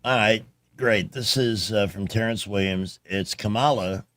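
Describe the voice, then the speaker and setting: Male radio host, easygoing, friendly, slightly low voice, dry close mic. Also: unhurried, a bit bright, no room sound. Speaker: radio talk show host. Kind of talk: call-in radio chat.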